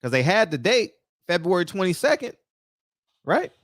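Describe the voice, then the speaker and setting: A man, ranting about boxing in a lively, preachy way. He talks straight to his viewers. The sound is dry and close. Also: high-pitched, normal speed, dry recording. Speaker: boxing commentator. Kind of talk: casual opinion rant.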